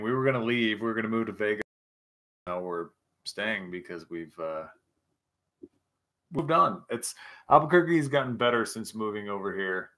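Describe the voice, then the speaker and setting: Tipsy dude rambling on a livestream, swears a lot, tells stories. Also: male voice, lowish voice, bright, forceful tone. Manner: rambling, profane, laughing storyteller. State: tipsy from drinking scotch. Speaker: livestream host. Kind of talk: casual livestream chat.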